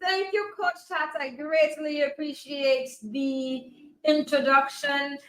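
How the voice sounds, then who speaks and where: A woman's voice: sits high, fairly even intonation, slow pace, fairly bright tone, echoey room, pitched above the performer's own voice, rough recording. A woman voicing a prim, polite female tech professor in a put-on British accent that keeps slipping, formal and genteel. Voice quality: accent that slips and wobbles. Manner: formal and genteel, says "dear".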